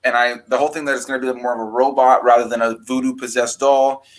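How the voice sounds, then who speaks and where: A man chatting casually about horror films, rambling and animated, breaking into raised-voice impressions of quotes. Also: medium pitch, fast, poor audio. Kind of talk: casual film discussion.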